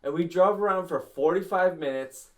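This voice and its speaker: A man's voice: high voice, normal speed. A man from Canada, tipsy, telling a rambling, profane story on a podcast among friends. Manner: rambling, swearing, laughing mid-story. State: drunk. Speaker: podcast co-host.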